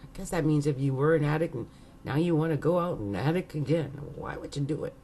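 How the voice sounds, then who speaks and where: A woman's voice: deep voice, warm tone, slight background noise. A woman hosting an astrology video, talking casually to her viewers and playfully running through a long list of words with musing asides. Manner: playful, drawn-out word listing with musing asides.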